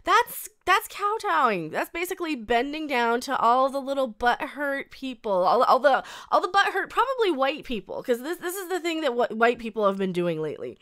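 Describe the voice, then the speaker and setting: A reaction video host in her thirties reads a news article aloud, breaking off into blunt, profane rants and often restarting her sentences. Her high, fairly bright voice is sing-song and brisk, with few pauses.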